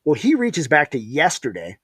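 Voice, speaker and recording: A man's voice: a little high, wildly swooping pitch, moderate pace, fairly bright tone, breathy edge, dry recording, clean studio sound. A man hosting a podcast, telling a rambling, profane story in casual chat. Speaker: podcast host.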